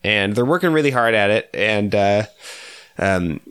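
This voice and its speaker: A man co-hosting a podcast in casual chat, laid-back and chuckling, often pausing with fillers. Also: on the low side, lively intonation, a bit bright, clear, resonant tone, no echo, studio quality. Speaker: podcast co-host.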